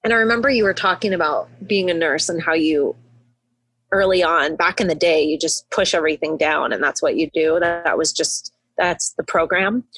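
A woman's voice: low-pitched, normal speed, a bit bright, slightly rough, no echo. A woman guest on a podcast, a hospitalist, chatting casually and telling stories with frequent laughs. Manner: chatty, laughs often, emotional storytelling.

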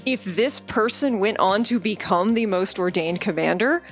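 A woman's voice: mid-range voice, expressive, normal speed, faint music behind. A woman player chatting casually and animatedly about her character. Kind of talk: casual aftershow chat.

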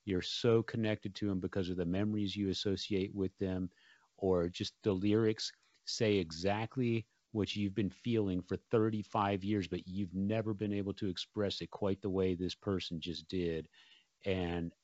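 Deep-voiced man telling a rambling story. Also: moderate pace, no echo, dull audio. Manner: relaxed storyteller, rambling with fillers. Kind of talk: casual conversation.

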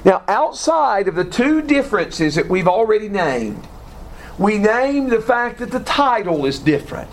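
High-pitched guy teaching a bible class, slow and deliberate, reads verses then quizzes the room. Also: slight background noise. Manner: slow, deliberate reading of scripture with questions to the class.

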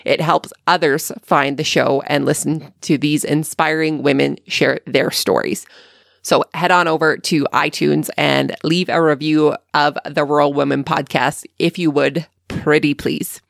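A woman's voice: sits low, vocal fry, dry recording, studio quality. A woman with a Canadian accent hosting a podcast, reading the intro and promos in a chatty, upbeat way and asking interview questions. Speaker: podcast host.

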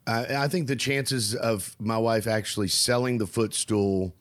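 A Southern man with a lowish voice tells stories in a loose, rambling way during a casual podcast chat. He is recorded close and dry, with almost no room sound. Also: fairly even intonation, a little slow, no room sound. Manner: rambling, storytelling.

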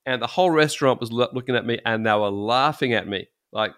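A middle-aged man, a pastor, telling stories in casual chat, animated and laughing often. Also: mid-range voice, fast talker, hardly any pauses, smooth.

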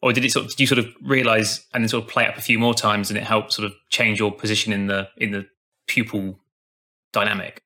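A man's voice: fairly low pitch, level tone, quick pace, pushed and bright. A man hosting a podcast, asking long rambling questions. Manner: rambling questions with many "sort of" hedges. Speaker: podcast host. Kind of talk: interview questions.

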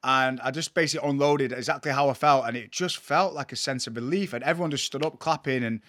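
A man hosting a podcast interview, talking quickly and chattily with a friendly manner. His voice sounds dry and close, with no room echo. He calls his guest mate. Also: medium pitch, a bit bright. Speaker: podcast host. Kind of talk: casual interview chat.

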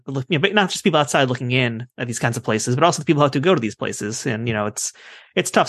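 A male host speaks quickly at a middle pitch, rambling through his questions with many fillers. His voice is recorded dry and close. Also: a bit bright, no room sound. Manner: rambling, friendly, full of fillers. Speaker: podcast host. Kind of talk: podcast interview.

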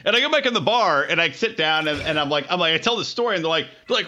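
A man's voice: high-pitched, fast talker, muffled recording, slight background noise. A man on a casual podcast, telling profane stories and acting out his own lines with lots of energy. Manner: animated, profane storyteller who acts out his own lines. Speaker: podcast co-host.

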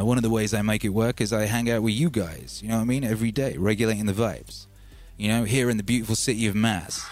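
A man hosting a relaxed livestream, rambling and reading out chat names. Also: medium pitch. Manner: laid-back, rambling, calls listeners baby. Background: faint music.

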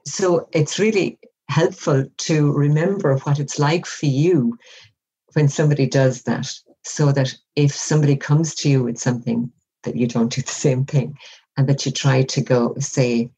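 A woman speaking as an interview guest, giving measured, reflective advice and often acting out example conversations. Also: extremely low pitch, fairly even intonation, warm tone, slightly rough, dull audio. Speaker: workplace wellbeing guest.

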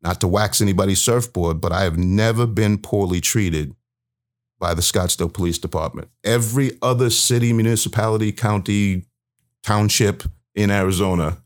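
A man's voice: on the low side, normal speed. A man as a guest, earnestly and emotionally recounting a personal story and acting out what people said. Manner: earnest, emotional, vivid retelling with acted-out quotes.

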